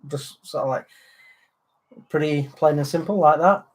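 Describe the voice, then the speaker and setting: A man, co-hosting a relaxed livestream chat and telling anecdotes, acting out other people's lines. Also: a little high, a little slow. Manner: chatty storyteller, acts out other people's lines. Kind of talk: casual chat.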